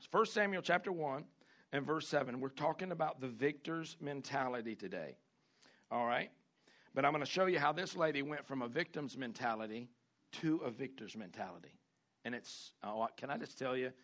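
A man preaching a sermon, animated and fervent, repeating phrases for emphasis. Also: medium pitch, moderate pace. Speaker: pastor.

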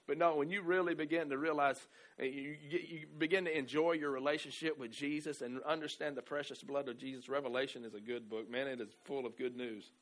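A man preaching in a slightly higher voice than most men. He drifts between soft, chatty asides to the congregation and loud, stretched-out, emphatic lines, tossing in "right?" and "amen" as he goes. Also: fairly even intonation, quick pace. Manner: conversational, peppered with "right?" and "amen". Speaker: pastor. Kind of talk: sermon.

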